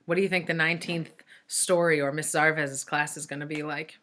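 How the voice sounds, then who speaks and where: A woman's voice: sits low, a little fast. A woman teacher reading a chapter book aloud to children, stopping to explain. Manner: expressive, explains as she reads.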